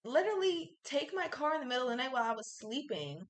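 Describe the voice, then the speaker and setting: A woman's voice: high voice, very animated, fast talker. A young woman co-hosting a podcast, telling a story in blunt, profane, casual talk. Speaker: podcast co-host. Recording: echoey room.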